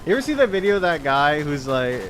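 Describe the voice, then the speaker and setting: A man's voice: fairly high pitch, very animated, quick pace, fairly bright tone, soft background music. A young man streaming a game and chatting casually, rambling and swearing with frequent laughs. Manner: rambling, profane, laughs often. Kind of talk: casual gaming chat.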